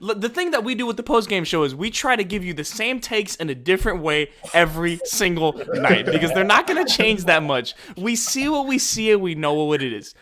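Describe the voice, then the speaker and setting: A man's voice: high-pitched, lively intonation, a little fast, hardly any pauses, pushed and bright. A young man on a sports stream panel, talking in a casual, rambling way and swearing. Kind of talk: casual profane chat.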